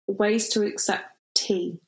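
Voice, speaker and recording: British female co-host, teasing and giggly, mid-pitch, chatty podcast delivery. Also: fairly even intonation, takes it slowly, low-quality recording. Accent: British English. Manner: playful, teasing, laughs often. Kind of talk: casual podcast chat.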